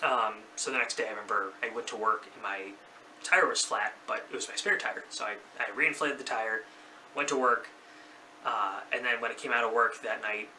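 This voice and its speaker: A man's voice: lowish voice, moderate pace, pushed and bright. A man in his thirties casually telling a personal story as a vlogger in his bedroom, rambling and correcting himself as he goes. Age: 30s. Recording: slightly distant mic, faint background noise.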